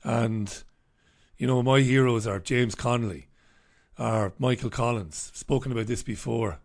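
A man's voice: medium pitch, measured pace. A middle-aged man hosting a casual live stream, chatting and joking as he greets viewers by name. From Ireland.

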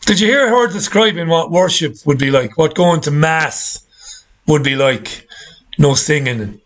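A man's voice: a little high, lively intonation, measured pace, fairly bright tone. A middle-aged man hosting a talk show, ranting with sarcastic indignation. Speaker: host. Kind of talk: ranting commentary.

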